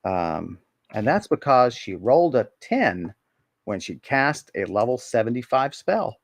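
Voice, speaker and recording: A man runs a tabletop game, narrating slowly and haltingly with many ums and restarts. His voice sits at a middle pitch. The sound is dry and close, with no room echo. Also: very animated. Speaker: game master.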